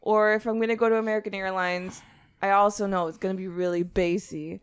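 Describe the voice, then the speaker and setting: Woman musician just chatting, easygoing, giggly, middle-pitched. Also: fairly even intonation, fairly quick, smooth, dry recording. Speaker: podcast co-host, musician. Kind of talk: casual chat.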